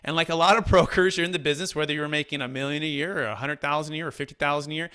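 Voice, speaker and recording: Bright-voiced man telling his story. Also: on the high side, rapid-fire, few pauses, smooth. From Northern California. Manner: energetic, repeats words when restarting. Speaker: commercial real estate broker. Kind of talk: conversational storytelling.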